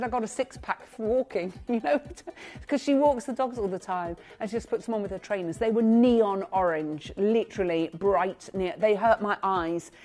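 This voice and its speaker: A woman presenting live shopping TV, chatty and gushing as she reads out buyers' names, now and then clearing her throat. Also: fairly high pitch, darkish tone. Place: TV studio.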